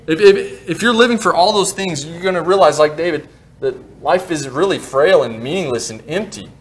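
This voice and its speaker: A male pastor in his thirties preaching a sermon in a church, animated and quick to joke at his own expense. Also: on the high side. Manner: joking, animated, self-deprecating asides. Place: church sanctuary.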